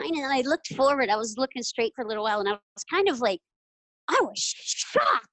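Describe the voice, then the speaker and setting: Middle-aged woman, high voice, animated storyteller, dry close sound. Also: fairly quick, no room sound, poor audio. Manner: animated, laughing, acts out quoted voices. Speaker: guest, retired jockey. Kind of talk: casual interview storytelling.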